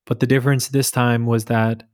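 A New York man in his thirties talks through his own story on a podcast. His pitch barely moves, a level and steady voice. He jokes along casually with the odd "um" and "like". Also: moderate pace. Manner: relaxed, joking, storytelling with fillers. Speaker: podcast host. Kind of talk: casual solo podcast monologue.

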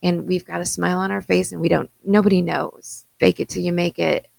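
Low gravelly woman co-hosting a talk. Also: level tone, fairly quick, a little mellow, no room sound. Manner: earnest, encouraging. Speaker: podcast co-host. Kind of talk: casual chat.

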